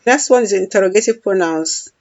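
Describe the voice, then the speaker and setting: A woman's voice: medium pitch, brisk, darkish tone, dry recording, muffled recording. A woman teaching a language lesson, patiently repeating each phrase for practice.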